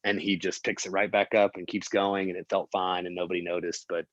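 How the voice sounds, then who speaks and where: Low-voiced man telling a story. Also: fairly quick, highs cut off, a little hiss or hum. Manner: animated storyteller, acts out quotes, many fillers and restarts. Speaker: film producer, guest. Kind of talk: casual interview storytelling.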